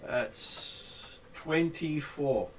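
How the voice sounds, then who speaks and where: A man's voice: a little high, drawn-out words. A man acting as game master, casually explaining the rules and the monster's moves. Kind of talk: running a tabletop game. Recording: far from mic, faint noise.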